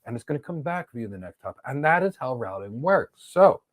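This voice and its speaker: Animated male networking instructor. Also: mid-range voice, brisk. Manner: animated storytelling with acted-out dialogue. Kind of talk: online training lecture.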